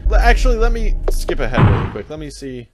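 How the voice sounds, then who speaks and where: A man's voice: fairly high pitch, big pitch swings, quick pace. A man hosting a casual let's-play of a horror game, jumpy and self-mocking, swearing often. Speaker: YouTube gameplay host. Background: horror game music.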